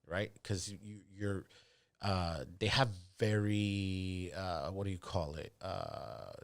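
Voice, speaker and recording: Low-voiced, foul-mouthed man telling stories. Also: slow pace, vocal fry, no echo. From Miami area, Dominican parents. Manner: loose, vulgar, animated storyteller who acts out voices. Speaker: podcast guest, comedian. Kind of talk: casual podcast chat.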